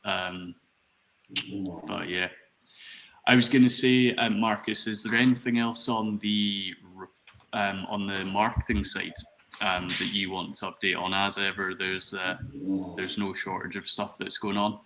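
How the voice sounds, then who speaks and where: Scottish guy on a team livestream, kinda low but really bright voice, easygoing. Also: level tone, a little slow, a little hiss or hum. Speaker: team member. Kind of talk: casual livestream chat.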